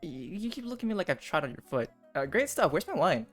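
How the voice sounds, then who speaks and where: A man's voice: high voice, sing-song, fast, fairly bright tone. A male streamer hosting a game session, moving between casual chatter and reading story text aloud. He tosses in dry asides and laughs often, with faint music underneath.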